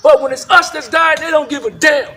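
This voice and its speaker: A man giving a fiery protest speech outdoors at a rally, often shouting and repeatedly asking the crowd "right?". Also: very high-pitched, brisk. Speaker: protest speaker.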